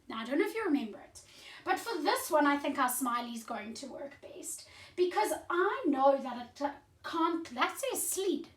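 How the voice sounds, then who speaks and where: Woman, primary teacher, high lively voice, slow and clear, roomy distant sound. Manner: sing-song teacherly, sounds out letters. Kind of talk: slow, clear classroom phonics lesson.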